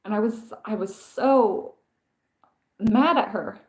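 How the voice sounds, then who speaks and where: A woman hosts a casual live stream with a voice of ordinary pitch. She rambles through her stories, often stops and starts her sentences again, and turns to read and answer viewer comments. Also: slow pace. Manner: rambling, self-interrupting storytelling with many restarts.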